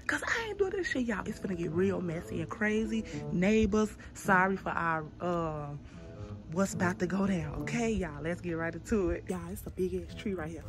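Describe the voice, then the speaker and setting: A woman hosting a prank vlog, chatting to her viewers in a lively, slangy way. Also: on the low side, normal speed, over music. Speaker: vlogger, prank channel host. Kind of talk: casual vlog talk to camera. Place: outdoors by a car, later.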